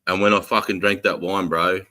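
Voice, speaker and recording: Low-voiced aussie guy with a sharp bright edge, laughing and cussing. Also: steady tone, brisk, low-quality recording. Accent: Australian. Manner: crude, laughing, affectionate swearing. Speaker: live stream participant. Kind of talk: casual banter and storytelling.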